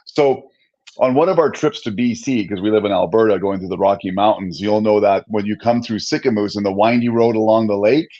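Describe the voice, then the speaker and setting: A man co-hosting a podcast, telling a story about himself in a lively, self-mocking way. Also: fairly low pitch, brisk, muffled recording. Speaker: podcast co-host. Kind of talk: casual podcast conversation.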